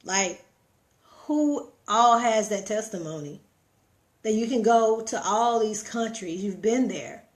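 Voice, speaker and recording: A woman's voice: fairly high pitch, lively intonation, slow pace. A middle-aged woman from Texas with a Texan accent, giving a motivational live-stream monologue in a preachy, repetitive way with many rhetorical questions. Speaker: vlogger.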